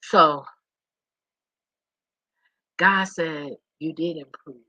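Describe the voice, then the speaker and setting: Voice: mid-range voice, unhurried, bright, forceful tone, slightly rough, no echo, dull audio. A vlogger talking straight to viewers in a rambling, profane and emotional way. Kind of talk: candid monologue to viewers.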